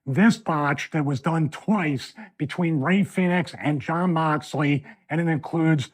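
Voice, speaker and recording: A man's voice: a little high, takes it slowly, slightly rough. Man in a fired-up analytical rant. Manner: animated, building into a fired-up rant. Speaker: host, professional wrestler analyzing matches. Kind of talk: video breakdown commentary. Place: home studio.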